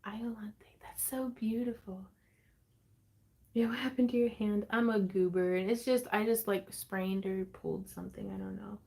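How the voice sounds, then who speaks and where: A woman's voice: medium pitch, fairly even intonation, a little fast, gravelly, hardly any pauses, mellow. Bubbly, giggly woman hosting a craft livestream. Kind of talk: casual livestream chat, reading viewer comments.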